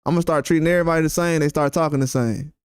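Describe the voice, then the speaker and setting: A man's voice: on the high side, fairly even intonation, rapid-fire, clear, resonant tone, dry recording, studio quality. A man hosting a boxing channel, ranting bluntly and heatedly at his chat with repeated, profane jabs. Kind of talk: live-stream rant responding to chat.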